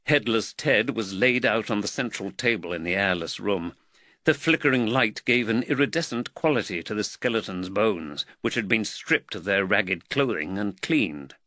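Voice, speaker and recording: A man reads a mystery with measured, expressive narration. His tone is bright and his pitch moves a lot. The recording is close and dry. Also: dry recording. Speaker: audiobook narrator. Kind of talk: scripted narration.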